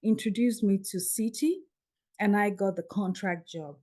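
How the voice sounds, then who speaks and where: A woman's voice: mid-range voice, normal speed. A middle-aged woman, a podcast guest telling a personal story and acting out the dialogue in it. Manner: animated, acts out dialogue. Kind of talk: storytelling in an interview.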